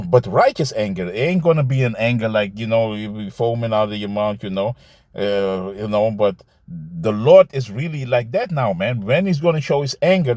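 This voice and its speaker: A man teaching scripture in a loose, conversational way, reading verses slowly and commenting, often adding "man" and "you see". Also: medium pitch, a little mellow, no room sound. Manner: reads verses aloud slowly, then comments.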